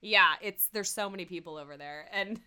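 A woman's voice: mid-range voice, fairly quick, bright, forceful tone, clean tone. A woman chatting casually as a podcast co-host, recapping a TV episode, laughing often and acting out the characters' lines.

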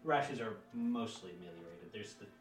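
A man's voice: lowish voice, normal speed, music in the background. Game master man narrating, roomy and distant. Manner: relaxed narration full of ums and uhs.

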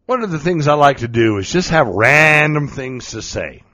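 This dull lo-fi clip features a middle-aged man whose voice sits on the high side, sounding pushed and bright with lively intonation at a moderate pace. In a casual, playful monologue he jokes, laughs often, and advises on being goofy.

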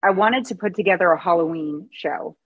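A woman being interviewed as a guest, speaking in a soft, hesitant way with many fillers. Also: on the low side, fairly quick, husky, dry recording, highs cut off. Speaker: guest, music writer and show producer. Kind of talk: casual interview chat.

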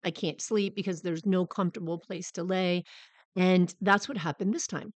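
A middle-aged woman hosts her podcast, talking through a personal story in a candid, conversational manner. Her voice sits on the low side, and the recording is close and dry with no room sound at all. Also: moderate pace, dry recording. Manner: candid, conversational, animated when recalling hard moments. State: recovering from a cold. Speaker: podcast host.

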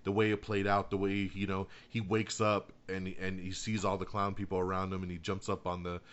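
A man with a lowish voice chatting casually and retelling a film scene by scene. He gets worked up, acts out the quotes and laughs as he goes. The recording is dull and lo-fi. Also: fairly quick. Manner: animated storyteller, acts out quotes, laughs often, swears. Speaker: podcast co-host reviewing a film. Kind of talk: casual chat.

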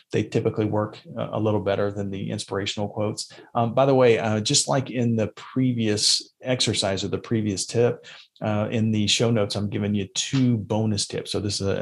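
Gravelly low-voiced man hosting a podcast. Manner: conversational with frequent fillers and restarts. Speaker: podcast host. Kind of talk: casual instructional podcast talk.

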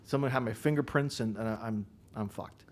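A man's voice: fairly low pitch, brisk. Cursing, laughing man telling a story. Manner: swears freely, laughs mid-story. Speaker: podcast guest, contractor. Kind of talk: casual storytelling.

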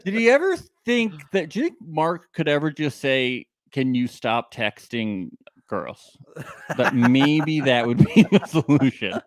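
A man's voice: on the high side, animated, normal speed, few pauses, no echo, clean studio sound. Laughing, joking man in casual chat. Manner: joking, often laughing, quoting people in put-on voices. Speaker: podcast co-host. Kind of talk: casual chat recapping a reality show.

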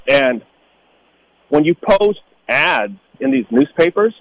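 A middle-aged man from Northern California in a casual storytelling talk, animated, acting out the people he quotes in a higher voice. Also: slow, creaky, a little hiss or hum, rough recording. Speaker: guest telling life stories.

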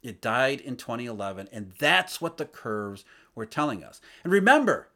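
A man giving solo market commentary, emphatic, asking rhetorical questions as he explains. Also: normal speed. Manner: emphatic, rhetorical questions, lively swings in pitch and loudness. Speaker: financial commentator.

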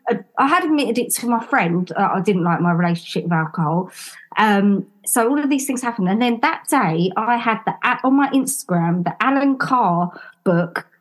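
A woman, telling her story as a podcast guest in a lively, expressive way and acting out what people said. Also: normal speed. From London. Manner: animated, acts out quotes with big pitch jumps. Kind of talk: casual interview storytelling.

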